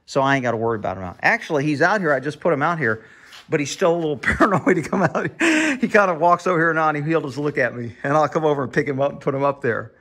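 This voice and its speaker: A man's voice: fairly high pitch, quick pace, fairly bright tone. A man vlogging casually about his projects and his cat, rambling and profane. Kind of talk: casual chat. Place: outdoors by a yard and cat shack.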